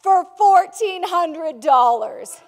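A showy male tech boss making grand, theatrical announcements to a crowd, as a woman puts him on. The voice sits high, and a long reverb trails every phrase. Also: lively intonation, slow pace, full character voice.

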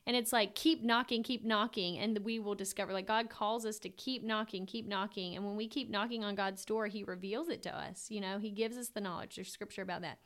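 A woman's voice: medium pitch, steady tone, a little fast, few pauses, fairly bright tone. A woman co-hosting a casual faith chat, talking in an emotional, gushing way. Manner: emotional, gushing, tearful at times.

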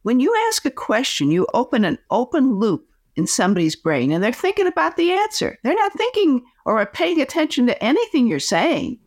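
A woman, a communication coach, giving advice as a podcast guest in an expressive, demonstrative way. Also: fairly high pitch, normal speed, hardly any pauses, dry recording, studio quality. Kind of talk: podcast interview.

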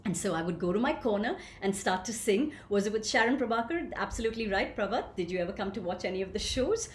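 Animated woman coaching voice in an echoey room. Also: medium pitch, quick pace. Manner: animated, storytelling, reads out participant comments. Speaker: voice coach leading an online workshop. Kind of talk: interactive webinar talk. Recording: echoey room with faint ambient noise.

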